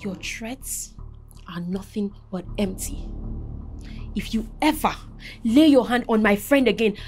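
An actress with a Nigerian accent playing a bold, protective young woman who confronts an abusive husband with sharp, sarcastic defiance. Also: mid-range voice, measured pace, over music, lightly acted. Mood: scornful. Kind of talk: film acting.

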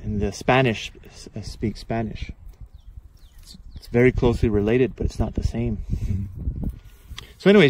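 A man from Quebec, speaking English with a Quebecois French accent, hosts a casual gardening explainer. His pitch sits in an ordinary middle range. He talks in a chatty, meandering way, full of fillers and restarts. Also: a little mellow. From Quebec, Canada. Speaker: gardening channel host.

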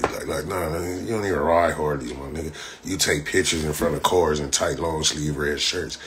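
Casting a deep, punchy LA guy: profane, mocking livestreamer who rambles through stories. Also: normal speed, a bit bright, slight background noise. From Los Angeles. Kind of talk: casual live-stream chat.

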